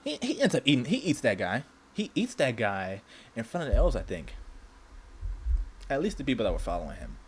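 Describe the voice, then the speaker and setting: A man's voice: mid-range voice, huge pitch swings, a little fast, pauses often, slight background noise. A man giving casual anime commentary, rambling with lots of stammered restarts and slang.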